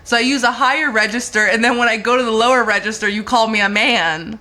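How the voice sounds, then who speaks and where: A young woman, a comedian guest on a podcast, chatting casually and laughing off teasing with quick denials. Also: a little high, sharp tone. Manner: giggly, protesting denials.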